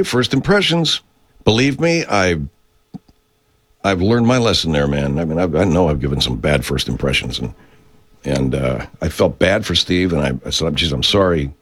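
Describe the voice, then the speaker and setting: A man's voice: low-pitched, no room sound. A man hosting a radio show, rambling in a profane, meandering monologue that keeps getting sidetracked. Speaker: radio host.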